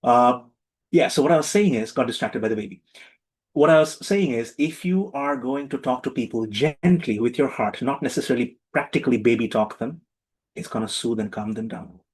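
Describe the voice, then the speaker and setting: A man giving a lively, humorous spiritual talk to a live and online audience, acting out little voices for his jokes. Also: medium pitch, moderate pace, breathy edge, poor audio. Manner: playful, animated, acts out little voices for jokes.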